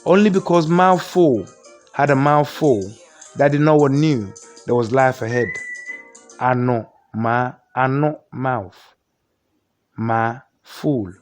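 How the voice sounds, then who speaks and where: A man's voice: medium pitch, slow pace, soft background music. A man with a Ghanaian accent giving a comic mock lecture, explaining word by word and asking rhetorical questions. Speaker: comedian.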